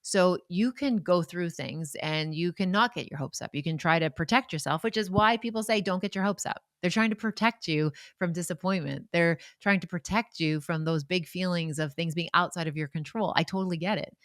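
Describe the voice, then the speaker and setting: A woman's voice: lowish voice, a little fast, hardly any pauses, dry recording, studio quality. A woman in her forties hosting her own podcast, talking in a chatty, digressive, heartfelt way with a few laughs. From Canada. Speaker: podcast host and author. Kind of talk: casual solo podcast talk.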